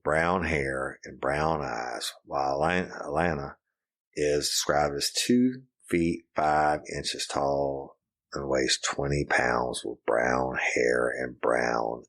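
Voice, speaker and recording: A man's voice: extremely low pitch, fairly bright tone. A man, co-hosting a casual podcast chat, joking and rambling with some profanity. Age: 50s. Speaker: podcast co-host.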